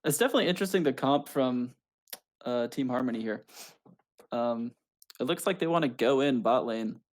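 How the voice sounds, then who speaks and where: A man's voice: mid-range voice, moderate pace. Laid-back male esports caster. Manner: laid-back, self-mocking humor. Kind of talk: casual esports commentary.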